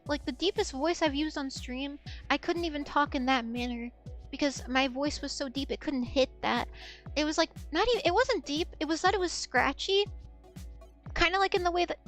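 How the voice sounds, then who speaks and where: A woman's voice: high voice, fairly bright tone. A young woman streamer chatting candidly in a loose, rambling way that often trails off. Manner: rambling, candid, trailing off into repeated "I don't know". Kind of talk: casual stream chat.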